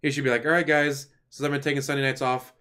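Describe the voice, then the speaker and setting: A man's voice: mid-range voice, flat delivery, fast, pushed and bright, clear, resonant tone. A man hosting a reaction stream, making mocking, sarcastic remarks over a clip.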